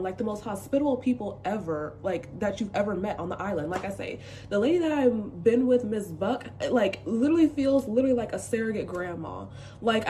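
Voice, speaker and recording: A young woman from the United States talking casually to camera, chatty and expressive with sassy asides and lots of fillers. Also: mid-range voice, a little hiss or hum. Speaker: vlogger.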